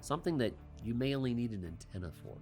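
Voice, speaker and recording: A man's voice: medium pitch, lively intonation, quick pace, mellow, soft background music. A man hosting a commentary monologue, asking rhetorical questions and adding wry asides. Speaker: host.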